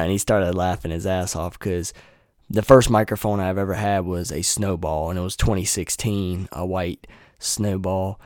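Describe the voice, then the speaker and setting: A man's voice: low voice, darkish tone, no room sound, clean studio sound. A young man in a home room, chatting loosely to his viewers on a desktop mic and swearing freely. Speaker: vlogger. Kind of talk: casual rambling talk to viewers. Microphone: USB desktop mic.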